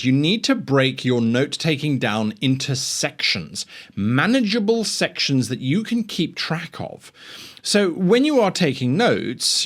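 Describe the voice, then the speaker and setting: A man hosting a show, talking through tabletop game master advice in a chatty, easygoing manner. His pitch swings widely, rising and falling as he explains things. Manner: chatty, animated, self-deprecating. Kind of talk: casual instructional talk.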